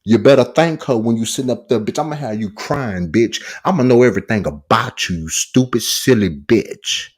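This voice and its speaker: A man's voice: medium pitch, expressive, a little fast, hardly any pauses, slightly rough. A man delivering a furious, profane, taunting livestream rant.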